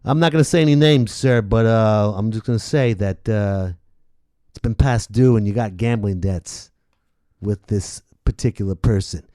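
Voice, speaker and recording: A man putting on a falsely courteous middle-aged mob enforcer who hedges with many pauses. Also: lowish voice, dark tone, no echo, clean studio sound, pitched below the performer's own voice, natural voice. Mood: smooth menace. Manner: hesitant, falsely courteous, full of "uh"s.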